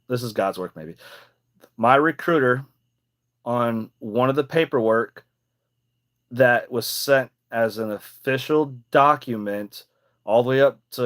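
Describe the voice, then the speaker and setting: Young male podcast host, mid-pitch, rambling and emphatic, swears casually. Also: fairly bright tone. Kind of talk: casual personal storytelling.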